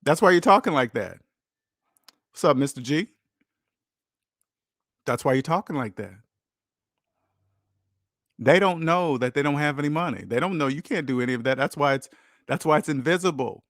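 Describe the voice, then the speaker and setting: A man's voice: on the high side, normal speed, long pauses, fairly bright tone, no room sound, studio quality. A man hosting a finance channel, talking casually and preachily about money and debt, acting out the voices of people he quotes.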